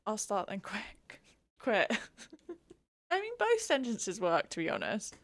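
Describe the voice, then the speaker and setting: A woman's voice: mid-range voice, wildly swooping pitch, takes it slowly, vocal fry, no room sound. A young woman from England chatting casually on a live stream, giggly and reading chat aloud into a desk mic. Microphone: desk mic she keeps bumping.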